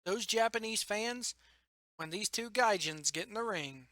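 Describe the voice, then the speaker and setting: A young man rambling excitedly about wrestling news in a casual vlog, tired late at night and laughing often. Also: sits high, unhurried, dry recording. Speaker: wrestling vlogger. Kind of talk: casual solo commentary.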